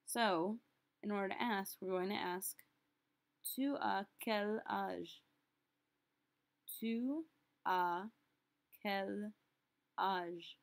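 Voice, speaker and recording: A woman teaching a recorded French lesson, explaining step by step and slowly repeating example phrases. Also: mid-range voice.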